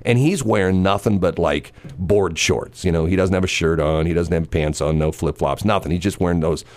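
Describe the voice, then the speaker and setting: A man's voice: deep voice, brisk, a little mellow. A man hosting a casual chat, telling a long story in a rambling way with many fillers and restarts.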